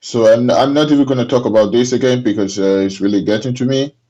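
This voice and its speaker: A man's voice: medium pitch, fast, mellow, dull audio. A man from Nigeria calling in, speaking hesitantly with many fillers and restarts. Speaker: caller. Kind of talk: call-in conversation.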